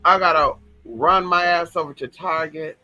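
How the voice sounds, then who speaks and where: A man's voice: on the high side, moderate pace, pushed and bright, muffled recording, faint music behind. Sassy flamboyant man chatting on stream. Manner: sassy, flamboyant, swears freely. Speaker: livestream host reading viewer comments. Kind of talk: casual chatty livestream.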